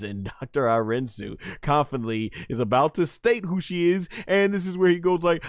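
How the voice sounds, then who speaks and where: A man recapping and reviewing an anime episode in a casual, animated way, laughing often and full of fillers and restarts. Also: mid-range voice, normal speed, hardly any pauses, no room sound, studio quality.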